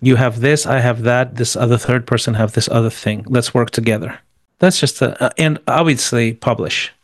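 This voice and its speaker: A man's voice: mid-range voice, steady tone, normal speed, no room sound. A man answering interview questions with motivational business advice, emphatic and repeating words as he rattles off lists. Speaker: guest.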